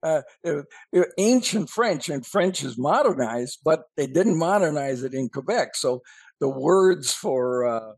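A man co-hosting a podcast, explaining things slowly in casual, musing chat. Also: on the high side, animated, a little mellow, dry recording, poor audio. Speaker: podcast co-host.

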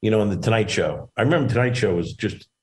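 A man's voice: on the low side, expressive, fast, darkish tone, rough recording. Rambling middle-aged man telling stories. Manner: rambling storyteller with many restarts. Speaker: actor and comedian guest. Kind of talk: casual interview chat.

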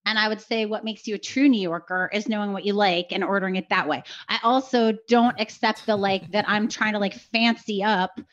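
A woman's voice: medium pitch, fairly even intonation, fairly quick, hardly any pauses. Easygoing woman arguing about food on a podcast, chatty, bit muffled audio. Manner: chatty, laughing, easygoing debating. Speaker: podcast guest. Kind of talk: casual chat.

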